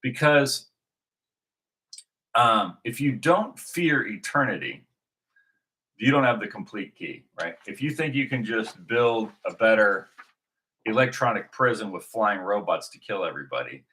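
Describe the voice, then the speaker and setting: A man's voice: on the low side, animated, a little slow, pushed and bright, poor audio. A man hosting his own video, reflecting aloud in an unscripted way, often restarting his sentences as he thinks. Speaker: video host.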